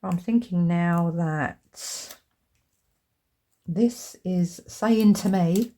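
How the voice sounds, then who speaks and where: A woman hosting a crafting video, chatting casually to camera and getting excited over her materials, with lots of tag questions. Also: fairly low pitch, extremely slow. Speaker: crafting channel host.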